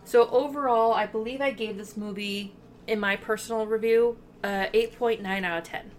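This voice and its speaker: A woman co-hosting a podcast in casual chat, talking in an animated way with lots of fillers and swearing, eating while she records. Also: mid-range voice, normal speed, slight background noise. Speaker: podcast co-host.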